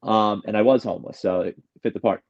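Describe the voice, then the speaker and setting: A New York man shares his recovery story as a guest, candid, emotional and rambling, often restarting his sentences. His voice is lowish and darkish with fairly even intonation and a fast pace, on a lo-fi recording.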